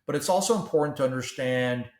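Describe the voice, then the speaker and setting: A Canadian tech company CEO, guesting on a podcast, talks in an animated, conversational style with many restarts and repeated words. He has a medium pitch, speaks fast, and sounds reverberant.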